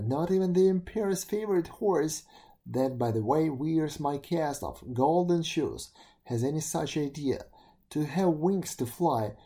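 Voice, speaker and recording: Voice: medium pitch, mellow. A huffy proud stag beetle, as the reader puts him on. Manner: indignant, complaining.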